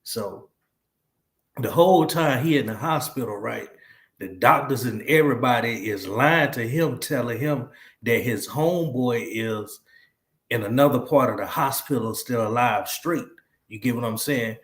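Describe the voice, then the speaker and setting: A man's voice: medium pitch, unhurried. A man giving casual reaction commentary in slang, often checking that the listener follows. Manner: slangy, keeps asking "you get what I'm saying". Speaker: reaction streamer. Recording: echoey room.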